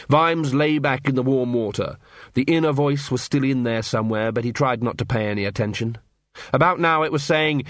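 A man's voice: medium pitch, normal speed, no echo. A man reading a story aloud in a dry, wry storytelling manner. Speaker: audiobook narrator. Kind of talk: scripted narration.

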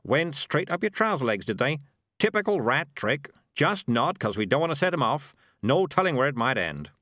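A man's voice: mid-range voice, wildly swooping pitch, a little slow, a bit bright, dry recording. A man voicing a cheerful, scheming male talking cat with a wheedling, persuasive manner, in a dry close recording. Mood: cheerful menace.

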